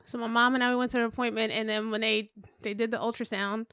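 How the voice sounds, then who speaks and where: Woman, 30s, podcast co-host, high bright voice, lively storyteller, dry close mic. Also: fast talker, clear, resonant tone, dry recording. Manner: animated storyteller, swears freely, acts out quotes. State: pregnant. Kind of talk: casual chat.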